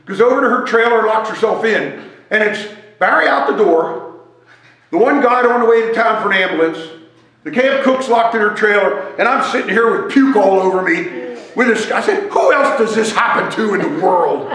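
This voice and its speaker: Animated storytelling man in an echoey church. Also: high voice, moderate pace. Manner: animated, joking storyteller who wanders while talking. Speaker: guest speaker at a church service. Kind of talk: storytelling sermon. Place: church sanctuary.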